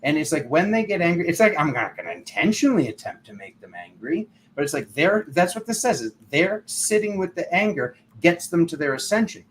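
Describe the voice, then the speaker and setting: Guy doing a tarot reading, kinda high voice, rambles with lots of "like", bit of hiss behind. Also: very animated, brisk, hardly any pauses, rough recording. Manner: rambling, filler-heavy, acts out quoted voices. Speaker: tarot reader. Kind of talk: casual spiritual monologue.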